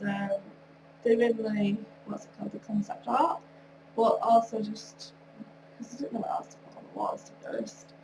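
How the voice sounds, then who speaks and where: A woman with a nasal voice from a cold, rambling and chatting with frequent laughs as she talks over her gameplay. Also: mid-range voice. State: recovering from a cold, tired. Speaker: video creator. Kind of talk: casual commentary over gameplay. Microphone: wrong mic, far from speaker. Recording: distant mic with clear hum.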